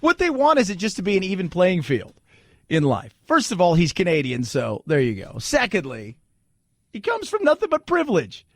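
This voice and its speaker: A man's voice: high voice, wildly swooping pitch, normal speed, no room sound, studio quality. A man hosting a talk radio show, joking and opinionated, slipping into mocking put-on voices. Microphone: studio microphone.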